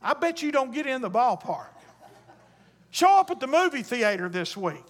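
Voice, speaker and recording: High-voiced preacher. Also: male voice, big pitch swings, normal speed. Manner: emphatic preaching with call-and-response. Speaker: Baptist pastor. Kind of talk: sermon.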